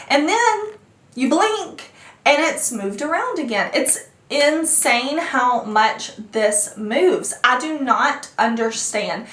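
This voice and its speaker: A woman's voice: high-pitched, lively intonation, unhurried, a bit bright, echoey room, distant mic. A woman vlogging about makeup, chatting animatedly and playing out her own reactions. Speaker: beauty vlogger. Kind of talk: casual makeup review. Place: makeup room at home.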